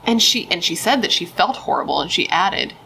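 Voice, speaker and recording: A woman's voice: lowish voice, expressive, brisk, gravelly, pushed and bright, a little hiss or hum, poor audio. A young woman casually telling a true crime story, emphatic and chatty, swearing and saying dude and like.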